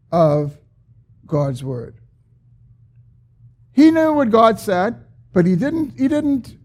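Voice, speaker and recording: A man preaching a sermon, explaining a scripture passage with emphatic, drawn-out stresses. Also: high voice, darkish tone. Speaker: pastor.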